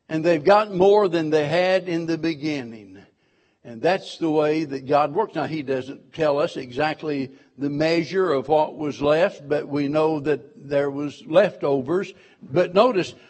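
A man's voice: on the high side, a little mellow. A man preaching a sermon, emphatic, repeating key words and quoting scripture in old-fashioned wording.

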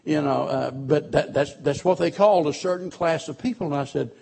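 A male pastor with a husky, slightly breathy voice set a bit higher than most men's. He preaches with strong emphasis, dropping into hushed storytelling and then climbing back to loud, pressing declarations. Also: a little fast. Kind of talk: sermon.

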